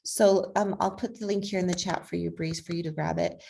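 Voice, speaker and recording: A woman speaking as a guest on a video call, persuasive and energetic, with frequent fillers. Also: lowish voice, fairly quick, vocal fry, husky. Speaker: guest speaker, advocacy group president. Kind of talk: conversational online talk.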